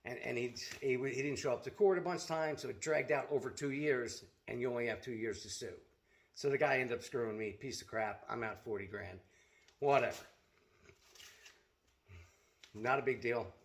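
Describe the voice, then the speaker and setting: Middle-aged man with a rough, gravelly edge, venting bluntly and with plenty of swearing to his viewers. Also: mid-range voice, moderate pace. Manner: blunt, profane, storytelling rant. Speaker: self-defense product seller. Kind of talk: casual vlog rant.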